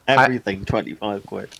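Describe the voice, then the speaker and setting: A man's voice: medium pitch, vocal fry. An easygoing man chatting as a player in a tabletop game, laughing often. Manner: chuckly, easygoing. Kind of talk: casual tabletop game chat.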